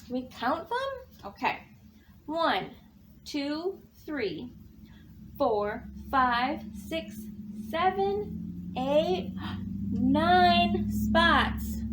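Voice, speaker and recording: A woman reading a picture book aloud for children, counting along and gasping with animated emphasis. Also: sits high, slight background noise. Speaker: children's librarian. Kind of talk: children's storytime read-aloud.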